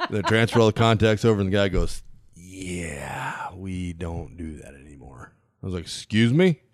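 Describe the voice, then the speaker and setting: A man's voice: low voice, moderate pace, no room sound, studio quality. A man casually telling a funny story, acting out the people in it and laughing often. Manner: animated, acts out dialogue, laughs often. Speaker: guest.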